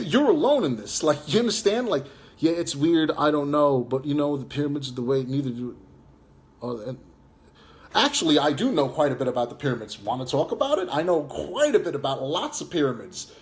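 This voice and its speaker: A man with a New York accent from Long Island, ranting in casual live chat, taunting and mocking a viewer with lots of fillers. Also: a little high. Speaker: live stream host.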